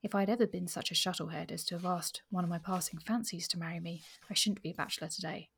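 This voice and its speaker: A woman reading aloud as a blunt, ardent middle-aged male suitor, in a hushed low-key voice. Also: fairly even intonation, fast talker, creaky, slightly rough, heavily acted.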